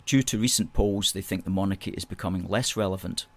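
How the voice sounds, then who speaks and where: Man, somewhat low pitch, live show host, reads viewer comments, emphatic, repeats himself. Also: fast. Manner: emphatic, repeats phrases and agreement words.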